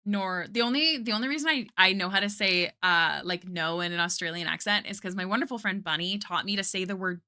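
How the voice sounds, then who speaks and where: Woman, live art streamer. Bright, chatty, casual, talks to chat while working. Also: on the low side. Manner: chatty, answers chat, many "like" fillers.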